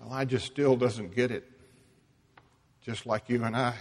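A man preaching a sermon, emphatic, dropping to a hush and rising loud for stress. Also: medium pitch, flat delivery, breathy edge, big-room sound. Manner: slow, emphatic, swings between hushed and loud.

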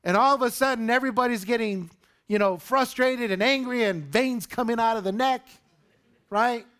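With a very high voice at normal speed, a male pastor preaches to his congregation in the sanctuary. His delivery is animated storytelling, complete with acted-out quotes.

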